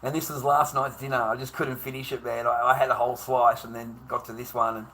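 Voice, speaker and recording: Talking fast, this Australian livestream host rambles on with his viewers, cursing freely, laughing a lot and addressing everyone as mate. His medium-pitched voice is level, bright and forceful.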